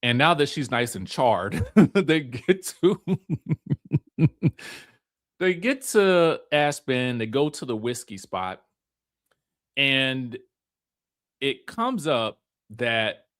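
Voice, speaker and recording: A man's voice: mid-range voice, expressive, slow pace, long pauses, a bit bright. A man giving a casual, campy recap of reality TV, laughing often and slipping into a pampered, fussy voice. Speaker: reality TV commentator.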